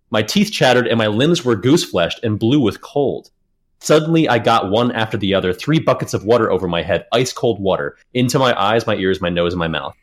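A man hosting a casual podcast, retelling a story, reading passages aloud and swearing casually. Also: fairly low pitch. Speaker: podcast host.

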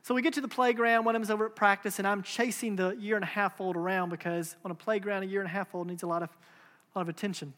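A man's voice: sits high, fairly even intonation, quick pace, a bit bright. A man in his thirties delivers an earnest, emphatic sermon. He repeats phrases and asks rhetorical questions as he builds his point. His voice rings with the long reverb of a large hall. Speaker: pastor.

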